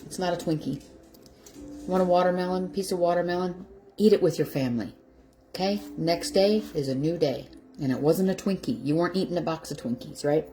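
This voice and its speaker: A woman's voice: on the low side, fairly quick, warm tone. A middle-aged woman hosting a casual live stream from her home kitchen, effusive and greeting viewers by name, growing teary-eyed. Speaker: keto lifestyle livestream host. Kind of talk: casual livestream chat.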